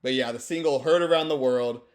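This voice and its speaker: A man's voice: medium pitch, brisk. A stoned man giving rambling, joking, profane commentary over sports clips. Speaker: video host.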